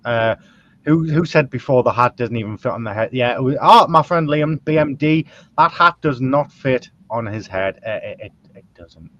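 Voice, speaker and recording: A man's voice: medium pitch, animated, moderate pace, fairly bright tone. Crude rambling man on a dull mic. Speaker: host. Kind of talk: casual podcast chat.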